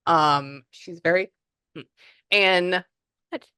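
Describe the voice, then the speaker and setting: A woman with a slightly low voice gives a casual spirit reading. She rambles on with many "um"s and "like"s. The sound is close and dry. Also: slow, pushed and bright, smooth, no echo. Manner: chatty, rambling, many fillers. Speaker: psychic medium.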